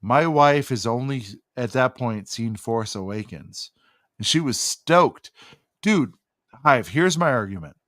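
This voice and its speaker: A man's voice: medium pitch, expressive, a little slow, fairly bright tone, no echo. A man talks unhurriedly on a casual podcast, winding through a profane, ranting story. His voice sits close and dry, with no room sound around it. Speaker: podcast co-host.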